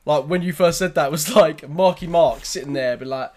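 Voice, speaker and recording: A man's voice: fairly high pitch, normal speed, darkish tone. A man co-hosting a casual podcast, reacting with laughter, swearing and disbelief. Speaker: podcast co-host.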